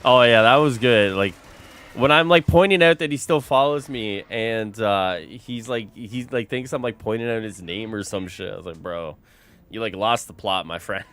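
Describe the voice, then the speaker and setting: A man's voice: medium pitch, normal speed. A young man streaming, chatting casually with his audience, swearing a lot and calling everyone bro. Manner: animated, swears a lot, says bro constantly.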